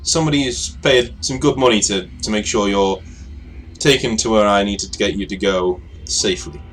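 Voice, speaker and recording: A man's voice: lowish voice, moderate pace, slight background noise, lightly acted. A man voicing a crude, cocky male bounty hunter in a tabletop game, in a raised, brash delivery. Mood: smug.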